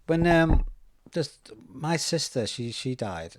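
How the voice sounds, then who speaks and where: A man's voice: a little high, takes it slowly, a little hiss or hum. A man who hosts a podcast interview, chatting casually and telling personal stories, acting out the voices of people he quotes. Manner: animated storytelling, acts out quoted voices. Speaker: podcast host.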